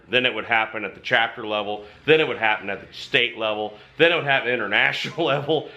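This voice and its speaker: A man's voice: medium pitch, pushed and bright. A man who hosts a channel and belongs to a motorcycle club, telling a story to camera in casual, emphatic talk with some mild swearing.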